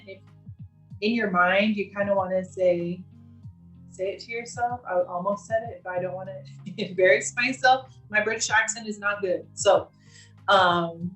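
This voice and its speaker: A woman's voice: medium pitch, a bit bright. Woman trainer on a video call, loose and chatty with lots of fillers, roomy echo, faint music behind. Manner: chatty, with many fillers and restarts. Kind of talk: casual live online training.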